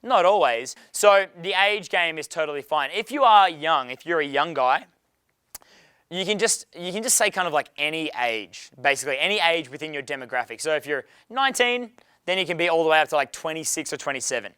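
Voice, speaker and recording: A man's voice: fairly high pitch, expressive, a little fast, bright, forceful tone, clear, resonant tone, no room sound. A young man running a dating seminar Q&A, brash and profane, laughing often. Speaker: dating coach. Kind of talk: live seminar Q&A.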